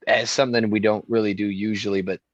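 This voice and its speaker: A man's voice: fairly low pitch, flat delivery, quick pace, no room sound, dull audio. A young man co-hosting a podcast, chatting casually and rambling through stories with many restarts. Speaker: podcast co-host. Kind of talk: casual chat.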